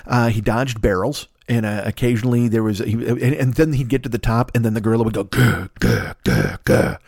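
Male podcast host, mid-pitched, loose rambling profane comic riffing, dry close-mic sound. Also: fairly even intonation, fast talker, darkish tone, dry recording. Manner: rambling, profane, laughing at his own jokes. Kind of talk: late-night solo comedy rant.

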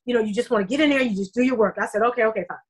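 A middle-aged woman, an actress guest on an interview podcast, telling her story in a lively way and acting out the dialogue. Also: fairly high pitch, racing, breathy edge. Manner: animated, acts out quoted dialogue.

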